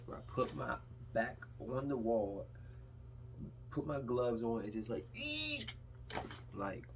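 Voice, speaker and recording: A man's voice: fairly low pitch, slight background noise. A young man hosting his own podcast, telling a long, rambling story full of fillers and asides. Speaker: podcast host. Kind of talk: casual storytelling monologue.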